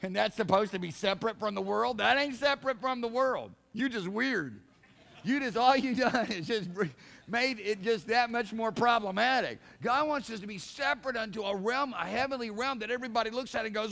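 A male pastor preaching in a church, his voice sitting high for a man. He talks in a folksy style and throws out rhetorical questions. He moves from quiet, low asides to loud, forceful shouting. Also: brisk, creaky. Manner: swings from low murmurs to loud, shouted emphasis. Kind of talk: sermon. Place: church sanctuary.

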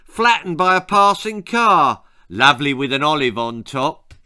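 A man's voice: a little high, sing-song, unhurried, bright, forceful tone, no room sound, clean studio sound, heavily acted. A man voicing a scheming, lying girl who coolly passes off fakes as the family cat. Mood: cheeky. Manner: brazen, matter-of-fact.

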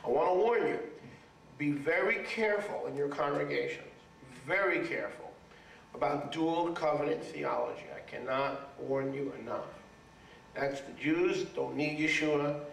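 A rabbi with a fairly high, gravelly voice preaches a sermon to his congregation at a measured pace, emphatic and repeating words for stress while often asking listeners if they follow and seeking their agreement. The mic sits at a distance in an echoey room, with slight background noise.

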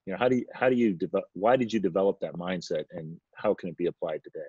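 A man hosting an interview over a video call, asking questions in a halting, casual way. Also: low voice, warm tone, breathy edge, no echo. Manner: halting, casual, thinks aloud. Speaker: host. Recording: dull lo-fi video call audio.

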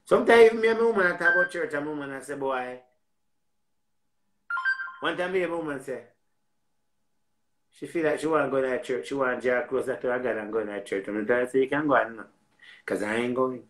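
A man with a Jamaican accent telling a story in a casual, animated way, repeating words and swearing freely. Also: medium pitch, very fast, reverberant.

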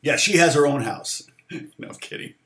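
A man's voice: fairly high pitch, moderate pace, reverberant, background noise. A middle-aged man hosting a casual livestream guitar lesson, rambling with fillers and laughs.

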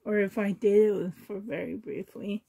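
A woman chatting to herself and her viewers while sorting doll clothes, sentimental and softly laughing. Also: mid-range voice, fairly even intonation, normal speed, gravelly, breathy edge. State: emotional, choked up. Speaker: reborn doll collector vlogger.

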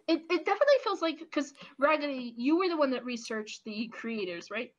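A woman in her twenties giving casual, animated opinion commentary with lots of ums and restarts. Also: high voice, moderate pace. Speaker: YouTube commentator. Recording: lo-fi dull audio.

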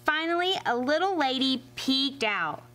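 A woman reading a fairy tale aloud to children as a library storyteller, expressive and animated. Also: sits high, a little slow, soft background music. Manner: expressive and animated, addressing kids.

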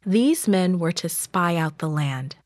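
Slow, measured woman storyteller. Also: on the low side, animated, dry recording, studio quality. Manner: slow, measured, gentle reading. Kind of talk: scripted Bible story narration for children.

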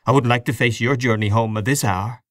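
A man reading a story aloud, voicing a lively young woman with an arch, teasing manner. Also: mid-range voice, fairly quick, no echo, studio quality, natural voice.

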